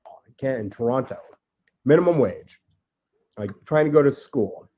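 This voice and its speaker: A man's voice: medium pitch, expressive, normal speed, warm tone. A man talking as a podcast guest, rambling and aggrieved, swearing freely. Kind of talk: ranting podcast talk.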